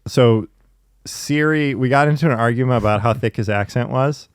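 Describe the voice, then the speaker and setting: A man in casual conversation, telling stories in a chatty, lively way with laughing asides. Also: medium pitch, moderate pace, clear, resonant tone, no echo, studio quality. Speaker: podcast guest in therapy talk. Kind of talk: casual storytelling.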